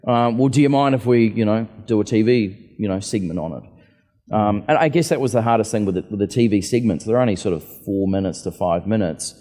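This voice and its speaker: On stage in a reverberant festival hall, a man who is both author and aviator chats his way through stories, imitating the voices of people he encountered. He speaks fairly quickly in a warm, fairly low voice.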